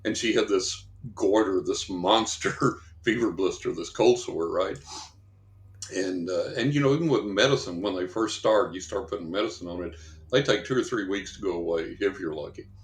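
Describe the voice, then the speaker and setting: A man with a low-pitched voice, a guest on a podcast who investigates the psychic, tells wandering stories and voices the people he quotes. He talks at a normal pace in a reverberant space.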